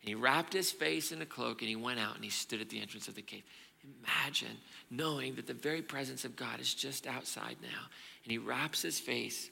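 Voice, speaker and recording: A male pastor preaches in an animated storytelling style, dropping suddenly to a hush. His voice is deeply gravelly and very bright. A long hall reverb trails his words. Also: fairly quick. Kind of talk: sermon.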